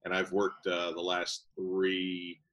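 Man, radio announcer, low voice, casual storytelling, lively anecdotes. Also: slow, low-quality recording.

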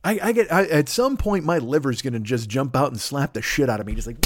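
Talking quickly with few pauses, a man with a mid-range voice hosts a podcast. In his 50s, he delivers a rambling, crude, animated comic monologue.

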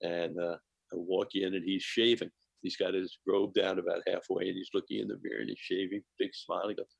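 A man, a chef, telling a personal anecdote in an interview, animated and laughing often. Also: low-pitched, fairly quick, gravelly, husky, no room sound, low-quality recording. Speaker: guest chef.

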